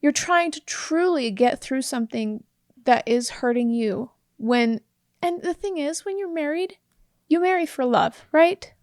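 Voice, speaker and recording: Brief: woman podcast co-host, bright high voice, dry close sound, lively and demonstrative. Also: no echo. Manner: animated, laughs often, acts out sample phrases. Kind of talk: casual chat.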